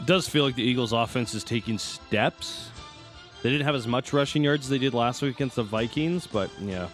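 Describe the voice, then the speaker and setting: A man at a medium pitch delivering a sports radio game recap, moving steadily through plays and scores. Faint music sits under his voice. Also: moderate pace. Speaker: sports radio co-host giving the morning report.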